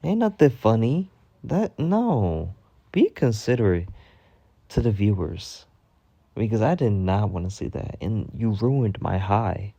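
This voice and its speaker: Young dude doing a storytime rant, low gravelly voice, slangy and cussing, kinda over the top. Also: male voice, very animated, takes it slowly, mellow, no echo, highs cut off. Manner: slangy, mock-dramatic, swears freely. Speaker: storytime vlogger.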